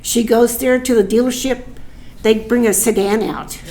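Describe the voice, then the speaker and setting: A woman's voice: on the high side, fairly even intonation, normal speed. A woman, an aunt, telling humorous family stories at a memorial gathering into a handheld microphone. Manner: warm, humorous storytelling with laughter. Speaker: aunt giving a eulogy. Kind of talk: storytelling at a memorial.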